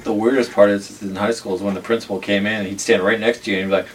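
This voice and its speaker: A man's voice: on the low side, little pitch movement, racing. A young man telling funny stories in a casual chat, acting out the quoted voices. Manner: storytelling, acts out quoted voices. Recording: distant mic with faint noise.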